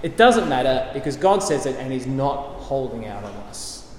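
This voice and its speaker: A man's voice: mid-range voice, very animated, moderate pace, a little mellow, faint music behind. A man preaching a sermon, emphatic and repetitive, with light chuckles. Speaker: pastor. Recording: echoey hall with faint ambience.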